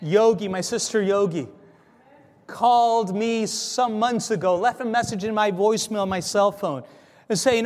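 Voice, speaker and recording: A man telling a story in a sermon, animated, acting out dialogue, with frequent stammering restarts. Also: high voice, measured pace, big-room sound. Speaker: preacher. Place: church.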